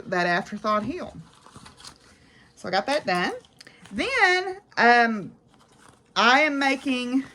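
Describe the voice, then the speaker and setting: Chatty woman with a bright voice. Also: mid-range voice. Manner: chatty, rambling, frequent "uh" and "so". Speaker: crafting vlogger. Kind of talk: casual chat about craft projects.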